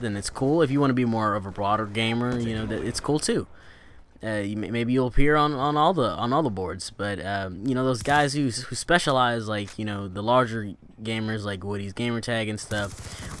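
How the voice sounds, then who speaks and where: A young man hosting a gaming channel offers tips in relaxed, instructional vlog talk, his voice a bit bright. He rambles, restarts, and leans on fillers, lifting and dropping his pitch to underline things.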